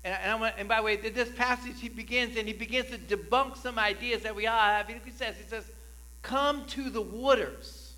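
High, bright-voiced male pastor preaching. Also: fairly even intonation, quick pace, hardly any pauses, low-quality recording. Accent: New Jersey. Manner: conversational, rising to emphatic preaching. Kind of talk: sermon. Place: church sanctuary.

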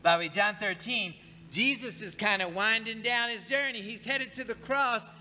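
A man's voice: high-pitched, moderate pace, bright, forceful tone, a little hiss or hum, low-quality recording. A male pastor preaching a conversational sermon in church, talking casually, often repeating words and asking the congregation questions.

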